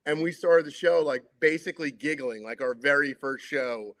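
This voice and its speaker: A man's voice: on the high side, moderate pace, fairly bright tone. Chatty middle-aged man giving advice. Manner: chatty, many fillers and restarts. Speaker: former TV sports broadcaster, interview guest. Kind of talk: casual interview chat.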